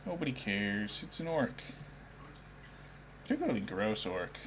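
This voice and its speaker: A man's voice: on the low side, very animated, measured pace, slight background noise. Rambling man painting on stream. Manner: rambling, talks baby talk to his cat. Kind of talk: casual streaming chat.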